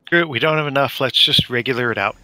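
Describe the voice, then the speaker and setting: A man's voice: mid-range voice, fast talker, pushed and bright, dry recording. A man chatting casually with friends during a game raid, teasing and joking. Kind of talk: casual voice chat while gaming.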